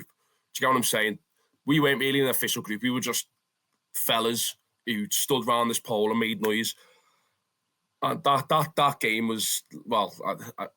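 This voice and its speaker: A young man with a Liverpool accent, a podcast guest telling football stories casually, swearing and laughing as he goes. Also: on the low side. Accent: Liverpool (Scouse). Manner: animated, swears freely, says "lad" often, bursts into laughter. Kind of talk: casual storytelling.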